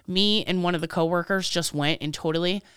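A woman co-hosting a casual podcast, telling a lively work story, swearing freely and acting out what people said, a little tired. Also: fairly low pitch, brisk, clean tone, dry recording, studio quality. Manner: animated storytelling, swears freely, acts out quotes. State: tired, yawning. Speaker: podcast co-host. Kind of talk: casual chat.

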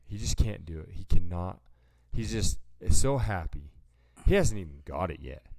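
Deep-voiced man telling a rambling story. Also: very animated, moderate pace, vocal fry, darkish tone, no room sound, clean studio sound. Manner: rambling storyteller, acts out quotes, says "dude". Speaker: podcast co-host. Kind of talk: casual chat.

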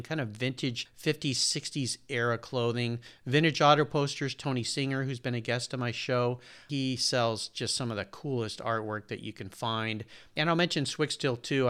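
A podcast host in his sixties, now the one being interviewed, talks earnestly and at length in a casual, detailed way. His mid-range voice is a bit bright, with a clean tone.

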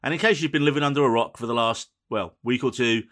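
A man hosting a casual podcast, rattling off the rundown at a brisk clip. His voice is bright and forward, and he teases his co-host drily between items. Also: mid-range voice. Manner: quick, dry and teasing, running the episode rundown.

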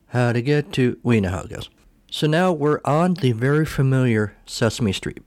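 Rambling, low-voiced male podcast host. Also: no room sound. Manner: rambling, self-correcting. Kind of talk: casual film recap.

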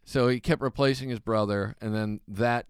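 Smooth-voiced man telling a comedy-club story. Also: fairly low pitch, moderate pace, no echo, studio quality. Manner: animated anecdote-telling, acts out quoted people, swears freely. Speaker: stand-up comedian. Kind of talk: casual storytelling chat.

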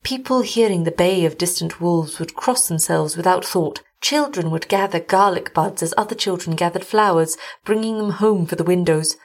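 Husky woman reading a gothic tale. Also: on the low side. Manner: measured, deliberate reading. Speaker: host and story reader. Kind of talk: scripted story narration.

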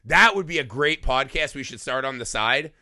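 Bright, lively male podcast host with a voice that swoops up and down as he jokes around loudly. He sounds dry and close, with no room echo. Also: medium pitch, moderate pace. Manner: exuberant, loud and joking, with swearing. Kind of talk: casual podcast banter.

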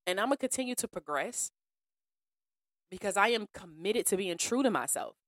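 A woman hosting a podcast in a casual monologue, frank and slangy, acting out other people in an animated way. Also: medium pitch, normal speed, no room sound, studio quality. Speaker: podcast host.

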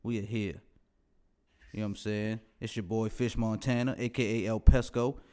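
A man's voice: lowish voice, flat delivery, normal speed, a little mellow. A man hosting a podcast, casual banter in loose slang, laughing often. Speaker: podcast host.

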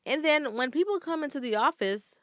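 A woman's voice: sits high, expressive, brisk, no room sound, clean studio sound. A woman vlogger speaking earnestly and emphatically to her viewers from a room at home. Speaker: vlogger sharing workplace faith tips. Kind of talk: candid talk to camera.

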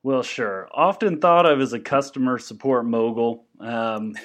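A man's voice: mid-range voice, measured pace, a bit bright, close to an everyday voice. Casting: man as boastful Texan customer-support guru, folksy drawl, mid-range voice. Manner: folksy, drawling, full of catchphrases. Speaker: guest. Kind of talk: improvised comedy podcast.

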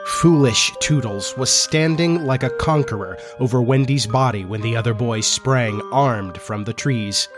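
A man's voice: medium pitch, measured pace, hardly any pauses, music in the background. A man hosting a storytelling podcast, chatting in a confiding, conversational way and then reading aloud with expression. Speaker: podcast host and narrator. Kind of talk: audiobook reading with chatty intro.

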